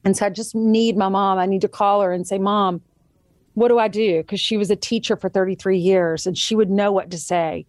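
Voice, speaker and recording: Woman in her 30s telling a family story as a guest, lively, quotes people, dry mic. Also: mid-range voice, a little fast, dry recording. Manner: chatty storyteller, quotes others vividly. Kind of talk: casual chat.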